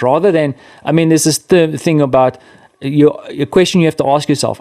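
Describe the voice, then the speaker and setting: A man's voice: fairly high pitch, steady tone, moderate pace, dark tone. A man with a South African accent, a podcast guest talking in a casual, self-deprecating way with many restarts. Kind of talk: casual conversation.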